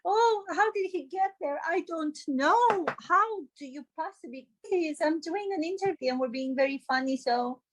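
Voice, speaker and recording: A woman voicing a fake-innocent actress in a TV interview, breathy, gasping and over-sweet. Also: extremely high pitch, lively intonation, moderate pace, hardly any pauses, pitched above the performer's own voice. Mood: gushing.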